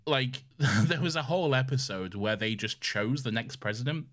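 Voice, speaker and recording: A man co-hosting a casual podcast about a TV show. He is sarcastic, laughs often and acts out lines from the characters. His pitch sits in the middle. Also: moderate pace, a bit bright. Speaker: podcast co-host.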